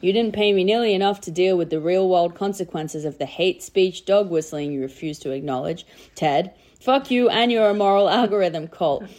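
A woman's voice: lowish voice, moderate pace, hardly any pauses, darkish tone. A woman with an Australian accent, a guest correspondent reading a letter aloud with a blunt, sardonic delivery.

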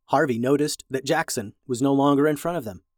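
A children's story podcast host reading a story aloud in a lively way, changing pitch for the characters. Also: fairly quick, no room sound, studio quality.

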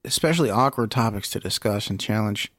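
Male podcast cohost, low voice, dry close mic, laid-back and profane. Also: fairly quick, fairly bright tone, no room sound. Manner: laid-back, swears, reads game rules aloud. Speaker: podcast co-host. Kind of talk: comedy podcast chat.

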